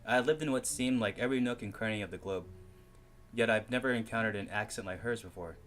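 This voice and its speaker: A man reading a visual novel game aloud, with giggly, excitable asides and frequent laughter. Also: lowish voice, fast talker.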